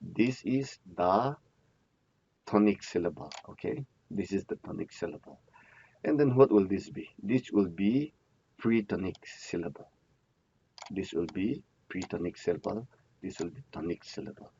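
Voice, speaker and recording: A man's voice: sits low, expressive, moderate pace, gravelly, mellow, slightly rough, no echo. Guy teaching grammar, repeats himself a lot, asks then answers, muffled lo-fi sound. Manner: repeats key terms, asks and answers his own questions. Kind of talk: classroom lecture. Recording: dull lo-fi recording.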